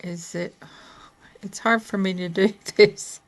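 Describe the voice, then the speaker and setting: This is a woman patiently working through a letter board, naming each letter and asking whether it's the right one. Her voice carries a gravelly, creaky texture. She talks at a very slow, deliberate pace, with a soft laugh slipping in now and then. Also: mid-range voice, fairly even intonation. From Kentucky.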